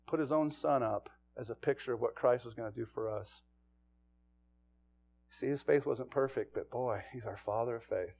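A man preaching a sermon to his congregation as pastor, swinging from loud exclamations to hushed, low asides. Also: normal speed, creaky, long pauses, highs cut off.

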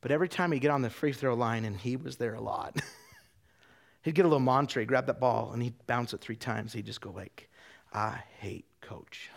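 A male pastor with a gravelly, slightly fry-edged voice at a middle pitch. He preaches in a loose, conversational storytelling way, full of restarts, and sinks into hushed tones for quoted lines. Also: fairly quick. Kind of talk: sermon with storytelling.

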